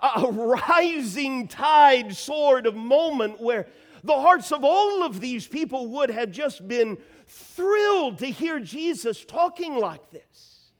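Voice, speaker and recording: A man preaching a sermon, reading Scripture and building to emphatic, rising bursts. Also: very high voice. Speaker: pastor.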